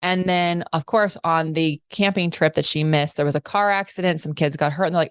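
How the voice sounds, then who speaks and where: A woman hosting a podcast, chatting casually and telling stories in an animated way. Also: deep voice, brisk, hardly any pauses, smooth, no room sound, studio quality. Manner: chatty, many "like" fillers, animated storytelling. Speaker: podcast host. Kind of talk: casual interview conversation.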